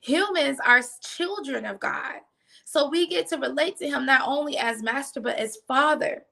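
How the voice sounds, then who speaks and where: A woman giving a conversational faith talk, animated, with slang asides and quick restarts. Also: sits high, gravelly. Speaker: faith teacher. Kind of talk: conversational preaching.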